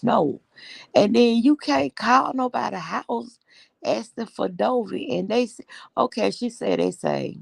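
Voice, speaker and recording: A woman's voice: lowish voice, expressive, slow pace, vocal fry, darkish tone, slightly rough, no echo. A woman hosting a casual live stream, telling stories bluntly and with profanity as she greets viewers.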